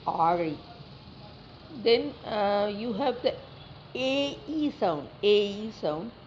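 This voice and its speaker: A woman teaching a phonetics lesson, reading word lists slowly and deliberately with many fillers. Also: medium pitch, vocal fry. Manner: slow and deliberate, repeating words, many fillers. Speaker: English teacher. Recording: slightly dull recording with faint noise.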